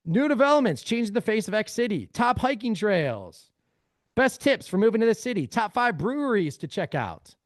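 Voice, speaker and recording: A man's voice: high-pitched, very animated, normal speed, dry recording, studio quality. A man leading a live screen-share workshop, talking energetically and calling his audience family. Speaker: real estate AI trainer.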